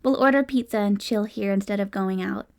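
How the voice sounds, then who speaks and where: A woman narrating a loving middle-aged mother who shifts between soft whispers and fierce pleading. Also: mid-range voice, brisk, vocal fry, natural voice. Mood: playful.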